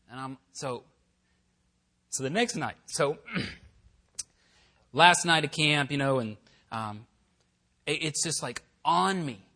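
A man preaching, telling a personal story in a chatty, animated way and acting out the voices he quotes. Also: fairly high pitch, unhurried, slightly rough. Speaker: pastor. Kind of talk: sermon storytelling. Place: church worship center.

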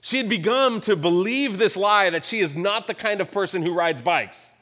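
Lively high-voiced male pastor. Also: moderate pace. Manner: storytelling, conversational, emphatic repetition. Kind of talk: sermon.

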